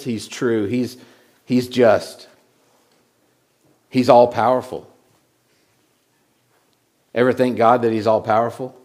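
A man preaching a sermon in a conversational way, often repeating words and swinging from loud lines to hushed ones. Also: mid-range voice. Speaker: pastor.

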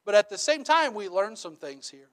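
Speaking at a moderate pace in a high-sitting voice, this preacher keeps his sermon relaxed and chatty, tossing in "right?" to check on listeners and spinning lively, funny anecdotes.

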